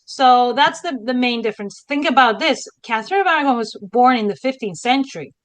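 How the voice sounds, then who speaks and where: A woman's voice: fairly high pitch, expressive, a little fast, dry recording, low-quality recording. A woman from Spain, a historian co-hosting a casual podcast chat in a dramatic, theatrical way. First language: Spanish. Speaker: historian co-host.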